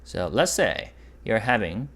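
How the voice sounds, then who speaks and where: A man teaching a casual online language lesson. He is patient, repeats his examples, asks the viewers questions, and jumps up in pitch on key words. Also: big pitch swings, unhurried, fairly bright tone.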